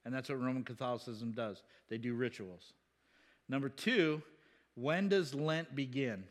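A man's voice: medium pitch, a little slow. A man, a pastor, teaching the Bible in a casual, conversational way, asking rhetorical questions and chuckling.

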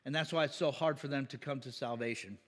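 Chatty preacher in a reverberant hall. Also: male voice, mid-range voice, fast. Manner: conversational, joking preaching with asides and chuckles. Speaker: pastor. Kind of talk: sermon.

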